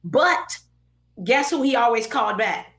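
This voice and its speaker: Woman, forties, Southern California accent, guest telling animated stories with acted-out quotes; fairly high voice, roomy echo. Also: measured pace. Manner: animated, acts out quoted voices, laughs often. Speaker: guest, hairstylist. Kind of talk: storytelling in casual interview. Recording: echoey room.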